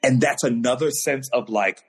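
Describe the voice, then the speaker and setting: A man with a husky, slightly breathy voice speaks as a guest over a video call. He tells a personal story earnestly, his emotion building as he relives it. His pitch sits in the middle for a man. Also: moderate pace. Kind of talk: personal storytelling in a podcast interview.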